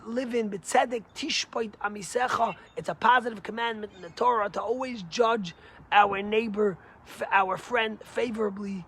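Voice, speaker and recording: A man, a rabbi, giving a short Torah lesson through stories, animated and emphatic with big swings in pitch and loudness. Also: slight background noise. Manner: energetic, emphatic.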